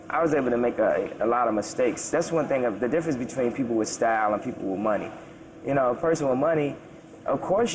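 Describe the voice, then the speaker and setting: A man's voice: medium pitch, a little hiss or hum, rough recording. A man answering interview questions in a loose, rambling way, restarting sentences and throwing in asides. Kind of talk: casual interview chat.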